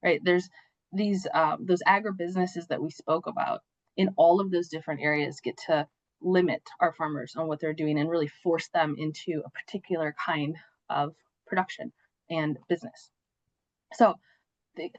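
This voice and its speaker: Hoarse woman giving a webinar talk. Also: on the low side, no echo. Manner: conversational, with frequent fillers and "right?" asides. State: losing her voice, clearing her throat. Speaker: webinar presenter. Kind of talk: presenting slides in a webinar. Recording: dull, dry video-call audio.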